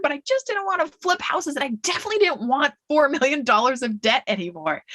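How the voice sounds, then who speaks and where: A woman in her thirties giving a chatty, animated webinar talk, often checking in with "right?". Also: sits high, dry recording. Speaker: guest speaker. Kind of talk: webinar presentation.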